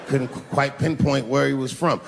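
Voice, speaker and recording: A man performing a stand-up set, telling a profane story that swings from low, drawn-out lines to high shouts. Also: steady tone, creaky, slight background noise. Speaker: stand-up comedian. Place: large theater stage. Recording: reverberant theater with loud crowd laughter.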